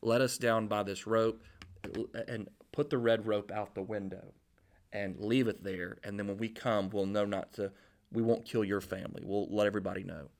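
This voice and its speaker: A man voicing two nervous young male spies who give quiet, hurried instructions in a sermon retelling. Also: fairly low pitch, level tone, creaky, pitched below the performer's own voice. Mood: hushed urgent.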